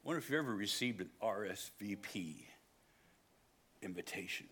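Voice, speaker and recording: Older man, West Virginian accent, pastor's sermon, bright forceful tone, hushed to loud. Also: fairly low pitch, animated, normal speed, breathy edge. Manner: swings from hushed storytelling to loud preaching.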